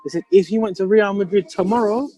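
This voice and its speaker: High-voiced young man, playful and teasing. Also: fast, over loud music, rough recording. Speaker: podcast co-host. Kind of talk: casual chat.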